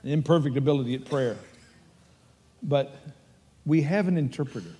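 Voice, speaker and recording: A man's voice: mid-range voice, normal speed, mellow, breathy edge, long reverb tail. An older man with a Texan accent preaching a sermon as pastor, earnest and emphatic as he tells stories.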